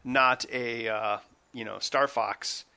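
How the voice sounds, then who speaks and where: A man in casual conversation about video games, talking in an animated, halting way. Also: mid-range voice, gravelly. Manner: animated, halting, restarts often.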